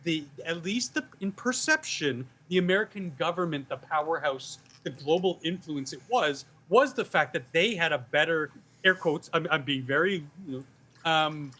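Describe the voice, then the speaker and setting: A man with a fairly high, bright and forceful voice, talking loosely as a panelist. He rambles through restarts and swears freely in a casual, animated way. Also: moderate pace.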